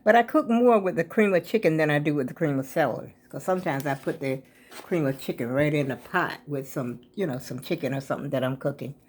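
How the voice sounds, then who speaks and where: A woman's voice: sits low, fast talker, darkish tone. An older woman, chatting casually to her viewers in a rambling way, a bit out of breath. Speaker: vlogger. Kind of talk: casual vlog chat.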